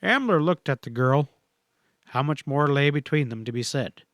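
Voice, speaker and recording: Narrating a western audiobook, a man keeps a steady, measured delivery in a voice a little high for a man. The recording is close and dry, with no room sound or echo.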